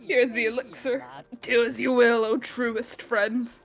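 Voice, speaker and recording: A woman's voice: a little high, little pitch movement, unhurried, a bit bright, soft background music. A woman voicing a gloomy, melodramatic man who talks in grand, old-fashioned wording in a video game. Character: gloomy dramatic man in shambles.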